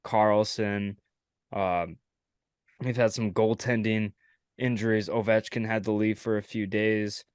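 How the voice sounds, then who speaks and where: Podcast host guy, low smooth voice, dry close sound, lots of ums. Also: a little slow, dry recording. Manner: relaxed, fillers, laughs along. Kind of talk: casual podcast chat.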